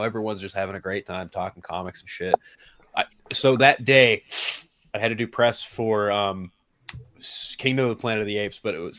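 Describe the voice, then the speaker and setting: Man, lowish voice, swears a lot, dry close mic. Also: dry recording. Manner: casual, swears often, builds to excited disbelief. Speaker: streamer panel guest. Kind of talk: casual chat, storytelling.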